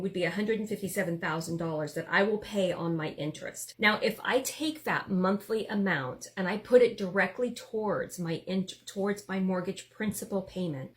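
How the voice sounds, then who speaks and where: Woman in her fifties, animated storyteller, mid-pitched voice, chatty rant to camera. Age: 50s.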